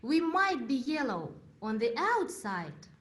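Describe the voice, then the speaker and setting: Lively high-voiced woman giving a speech. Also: a little hiss or hum. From Uzbekistan. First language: Russian. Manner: storytelling with dramatic pauses. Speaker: contest speaker. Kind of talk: prepared public speech.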